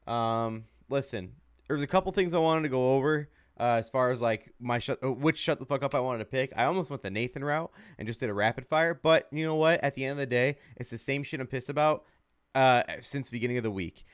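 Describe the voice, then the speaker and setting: A man's voice: medium pitch, a little fast, smooth, dry recording, clean studio sound. Profane ranting man on a sports podcast. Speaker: podcast host. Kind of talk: casual sports podcast rant.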